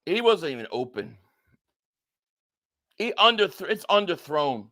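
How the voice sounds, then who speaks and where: Here a high-pitched man speaks a little slowly as he streams a live football reaction, calling the plays and reading chat out loud. Worked up, he repeats himself, and his excitable talk swings from yelling at calls to a flat, frustrated tone.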